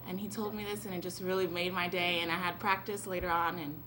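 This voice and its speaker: A woman's voice: fairly low pitch, level tone, fast, pushed and bright. Giggly teenage girl at a noisy ceremony. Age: late teens. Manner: giggly, rambling, breathless. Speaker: honored student. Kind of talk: tearful-happy thank-you speech. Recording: noisy event recording.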